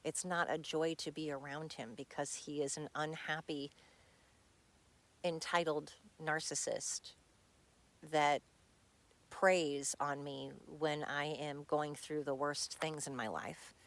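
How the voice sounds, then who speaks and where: A woman's voice: sits low, steady tone, slow. A middle-aged woman hosting a podcast from home, talking bluntly and with frustration in a personal monologue, swearing freely. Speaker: podcast host. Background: dog nearby.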